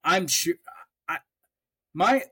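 A man's voice: high-pitched, sing-song, slow pace, bright, forceful tone, breathy edge, dry recording. Swearing young man, dry close sound. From Oklahoma. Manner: storytelling, swears freely, restarts often. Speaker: podcast co-host. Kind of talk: casual chat.

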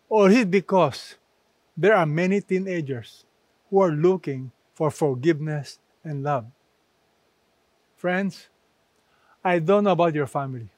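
A high-pitched man preaching a sermon in an unhurried, measured way. He lands each phrase with emphasis, and the sound is close and dry. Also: darkish tone, no echo. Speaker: pastor.

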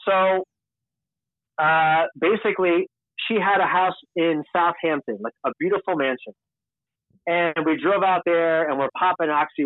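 A man's voice: fairly high pitch, dry recording. A man from Long Island, a podcast guest telling a story in a candid, rambling way. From Long Island, New York. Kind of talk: casual storytelling. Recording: tinny, dry phone-like sound.

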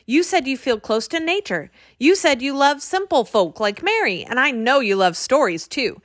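A woman's voice: sits high, very animated, moderate pace, fairly bright tone, dry recording, clean studio sound, pitched above the performer's own voice. A woman voicing Jack, an earnest, polite young boy who pleads with the fairies. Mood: pleading.

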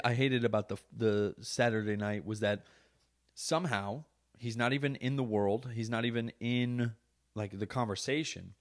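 Profane joking man ranting on a podcast. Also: fairly low pitch. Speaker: podcast host. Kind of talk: casual rant. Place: podcast studio.

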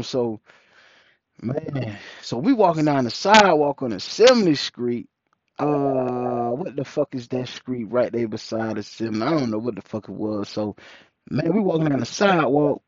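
A young man telling a story casually, animated and profane, acting out the people in it. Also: medium pitch, a little slow, no room sound. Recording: dull, muffled, dry recording.

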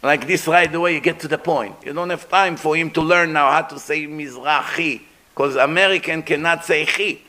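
An aged man giving a religious lecture, animated and conversational, acting out the sounds he describes. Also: on the high side, moderate pace, noisy background. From Middle East. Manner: animated, demonstrates throat sounds, conversational asides.

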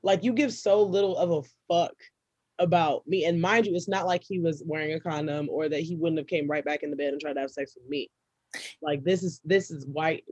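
A young woman co-hosting a podcast tells a personal story in casual, profane chat, breaking into loud, laughing outbursts. Her voice sits low, and the audio is dull with no echo.

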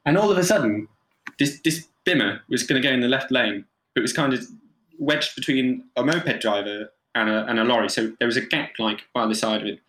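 A man's voice: medium pitch, a little fast, a little hiss or hum. A man, a photographer, telling anecdotes casually with plenty of fillers and acted-out voices. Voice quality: animated, lots of fillers and mimicry. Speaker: photographer, podcast guest. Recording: roomy echo.

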